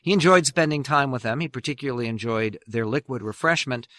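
A man's voice: mid-range voice, a little fast, a bit bright. A man hosting a radio history program, telling the story with emphatic, swelling stresses on key words. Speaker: radio host.

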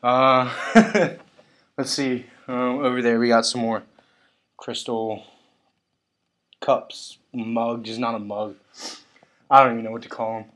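Young guy showing off his house, slow and easygoing, lots of ums, mid pitch, camera mic indoors. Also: level tone, a bit bright. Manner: laid-back, halting, lots of ums and uhs, offhand jokes. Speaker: vlogger giving a house tour. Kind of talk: casual house tour narration. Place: inside a house.

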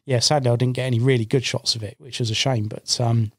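A man recounts a fishing trip in a podcast studio, talking casually and acting out what he said at the time. His voice sits at an ordinary middle pitch. The sound is dry and close, with no room echo. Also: quick pace, breathy edge. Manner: animated anecdote-telling, acts out his own past lines. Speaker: podcast guest, carp angler. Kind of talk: casual storytelling. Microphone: studio microphone.

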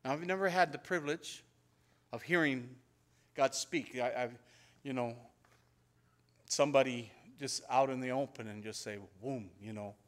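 A pastor telling Bible stories in a conversational sermon and acting out the dialogue. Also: male voice, medium pitch, normal speed, pauses often, a bit bright. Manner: conversational storytelling, acts out biblical dialogue. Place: church.

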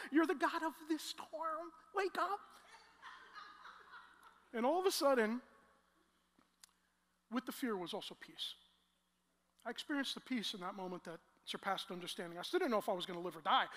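Male preacher, storytelling sermon, pushes to loud emotional climaxes, bright tone. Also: very high-pitched. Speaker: pastor. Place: large church hall. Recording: long church hall reverb.

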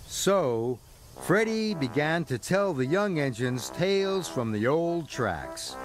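A man narrating a children's storybook in a slow, sing-song reading over music. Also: on the high side, big pitch swings.

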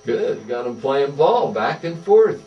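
The speech therapist's medium-pitched voice swings widely in pitch as she unhurriedly coaches a young child through voice exercises with sing-song encouragement. The sound is lo-fi, from a distant mic with a faint mains hum. It's set in an indoor therapy room.

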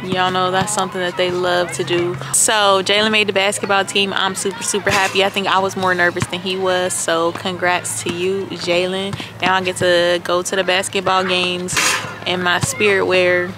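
A woman's voice: on the low side, level tone, normal speed, over music. A woman talking casually to her viewers in a laid-back, chatty way while filming herself at a park on a handheld camera. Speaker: vlogger. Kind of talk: casual vlog chat to camera. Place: outdoors at a park. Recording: outdoor park noise behind.

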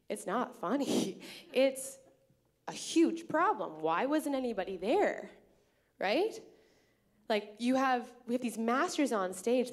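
Woman host, from Canada, live stage emcee, chatty storyteller. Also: medium pitch. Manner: chatty, grateful, storytelling with many fillers. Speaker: festival organizer and host. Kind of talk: onstage emcee speech to a live audience. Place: live theatre stage at a festival.

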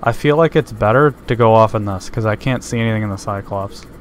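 A man's voice: on the low side, fast, background noise. Jittery young-sounding male gamer. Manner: nervous, easily startled, screams when scared. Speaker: gameplay commentator. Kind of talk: let's play commentary.

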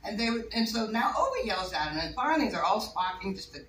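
A woman's voice: mid-range voice, sing-song, quick pace, a bit bright. A woman giving a casual talk about keeping birds, chatty and rambling, laughing often. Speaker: bird keeper giving a talk. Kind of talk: casual talk to a small audience. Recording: echoey room, distant mic, faint noise.

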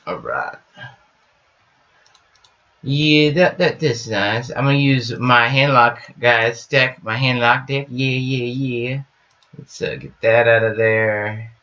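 A man's voice: mid-range voice, takes it slowly, pushed and bright. A man commenting casually on his card game, rambling and repeating little stock phrases, with the odd goofy joke. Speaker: gaming streamer. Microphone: webcam setup at home. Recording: slightly dull lo-fi sound.

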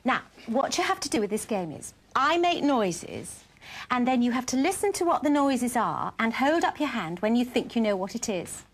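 A woman presents a children's TV programme, coaxing small children along in a playful, encouraging, sing-song teacher's manner. Her voice is a little high and very animated, at a moderate pace.

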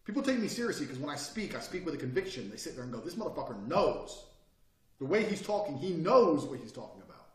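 A man in his thirties giving a blunt, profane motivational lecture, forceful and brash as he tells his listeners how to speak and carry themselves. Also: on the high side, very animated, fast talker, hardly any pauses. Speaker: course instructor. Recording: roomy sound, mic at a distance.

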